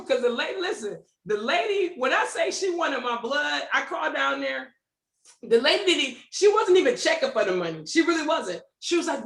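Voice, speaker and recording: A woman from Detroit with a Detroit accent, hosting and telling a story in casual chat over a video call, animated and laughing as she acts out what people said. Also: high-pitched, a little fast, echoey room. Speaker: host.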